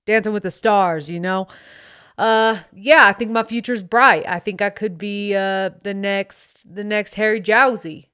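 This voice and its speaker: A woman's voice: mid-range voice, animated, normal speed, long pauses, a bit bright, no room sound, studio quality. A woman playing a cocky young male dad influencer who talks with a faint southern twang in a swaggering, slangy, boastful way, as a comedic character monologue. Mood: braggy.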